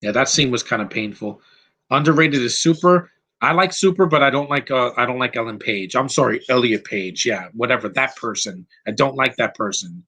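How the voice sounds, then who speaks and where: Dude ranting thru a movie watch-along, blunt, keeps going off on tangents, bright voice. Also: male voice, mid-range voice, fairly quick, breathy edge. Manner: rambling, blunt, goes off on tangents. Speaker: movie commentator. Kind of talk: casual live movie commentary.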